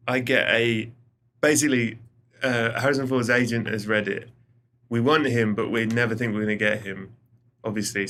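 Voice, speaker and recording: A man who is a podcast guest, telling a story in a casual, animated way. He swears freely and laughs often. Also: medium pitch.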